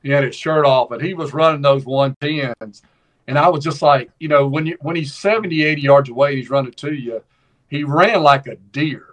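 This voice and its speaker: A man's voice: fairly high pitch, normal speed. Southern man telling folksy stories. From Mississippi. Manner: animated storyteller with folksy phrasing. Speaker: podcast guest, former college football player. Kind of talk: casual storytelling.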